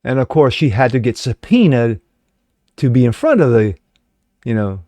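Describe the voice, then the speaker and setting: A man's voice: very animated, moderate pace, warm tone, no room sound. A man hosting a daily political commentary show, sarcastic and mocking in tone. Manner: sarcastic and mocking, swings pitch for jokes. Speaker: host.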